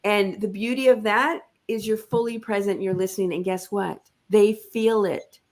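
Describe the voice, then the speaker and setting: A woman's voice: medium pitch, moderate pace. Emphatic woman giving leadership advice. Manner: emphatic, coaching, animated asides. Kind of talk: conversational interview about leadership.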